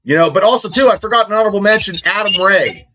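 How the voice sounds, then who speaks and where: Brief: middle-aged guy, loose, cussing podcast host, slightly high voice. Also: lively intonation, bright, forceful tone. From Indiana, USA. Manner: profane, rambling, fast. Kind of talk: casual podcast chat.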